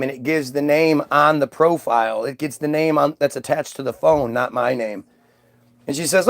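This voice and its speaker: A man's voice: a little high, normal speed, vocal fry. A man vlogging in a casual monologue, emphatic and rambling.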